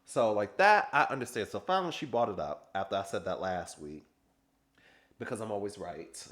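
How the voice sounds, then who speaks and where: A man's voice: lowish voice, big pitch swings, normal speed, a bit bright. Chatty, sassy man recapping reality TV. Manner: chatty and sassy, often laughing. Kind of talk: casual recap commentary.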